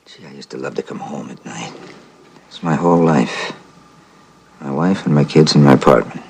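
A man's voice: extremely low pitch, normal speed, creaky, a little hiss or hum. An actor playing a sentimental, weepy divorced father who talks mournfully and apologetically. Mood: wistful. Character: weepy, sentimental middle-aged divorced man.

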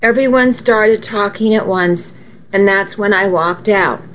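A woman reading a first-person story aloud, unhurried and now and then correcting her slips aloud. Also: medium pitch, a bit bright, muffled recording, slight background noise. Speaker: reader.

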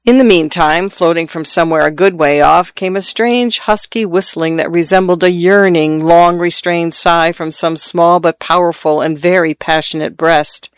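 A narrator reading a classic story in a measured, descriptive way. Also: medium pitch, clear, resonant tone, no echo.

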